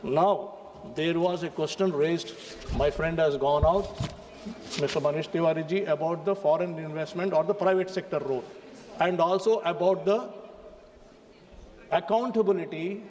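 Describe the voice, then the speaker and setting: A man's voice: high voice, a little mellow, slight background noise. A man with an Indian English accent giving a formal, emphatic speech in parliament, addressing the chair. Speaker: member of parliament. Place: large parliament chamber. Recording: reverberant chamber, faint ambience.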